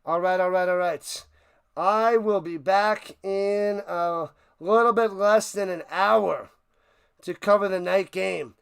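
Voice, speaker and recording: Streamer host, male, high gravelly voice gone hoarse, breathless, shouting excitedly. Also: slow pace. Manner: hyped, shouting, repeats phrases. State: hoarse, losing his voice. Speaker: live-stream watch party host. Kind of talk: excited live-stream sports commentary.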